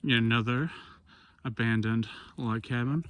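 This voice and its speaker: A man's voice: medium pitch, fairly even intonation, unhurried, a bit bright, a little hiss or hum. A man vlogging outdoors while he hikes a forest trail, talking casually and rambling with lots of filler words. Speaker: hiking vlogger. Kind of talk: casual vlog narration while hiking.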